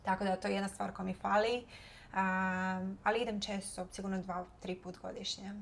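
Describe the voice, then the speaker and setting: A woman's voice: medium pitch, flat delivery, a little fast, gravelly, slight background noise. A woman with a Croatian accent hosting a podcast, reflecting in casual chat. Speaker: podcast host.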